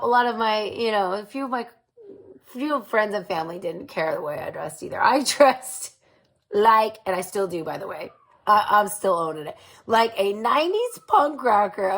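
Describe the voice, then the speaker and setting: Woman in her forties, slightly high voice, a frank and chatty vlog host who laughs easily. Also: a bit bright. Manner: chatty, keeps asking "okay?" to her listeners. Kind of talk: casual confessional monologue.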